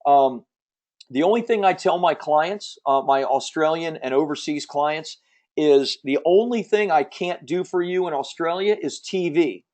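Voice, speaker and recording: Emphatic salesman hosting a webinar, fairly high. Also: darkish tone. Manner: emphatic, persuasive salesman, repeats key points; reads and answers audience questions from chat. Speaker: webinar host selling publishing services. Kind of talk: live sales webinar pitch.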